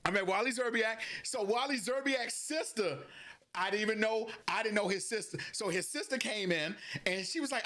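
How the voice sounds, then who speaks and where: A man with a high, bright voice spins funny stories in a casual podcast chat. He laughs as he goes and drops into little voices for the people in his tales. His tone stays loose and lively throughout. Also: normal speed. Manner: animated storyteller, laughs often, acts out voices. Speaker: podcast co-host.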